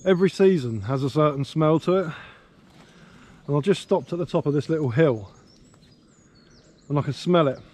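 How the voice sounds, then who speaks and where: Brief: English man, outdoor vlogger, easygoing ramble, mellow tone, slightly raised pitch, on-camera mic in woodland. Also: animated, normal speed, pauses often. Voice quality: slight slurring from a missing tooth. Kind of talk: casual outdoor vlog. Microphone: handheld camera. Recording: faint outdoor noise, birdsong.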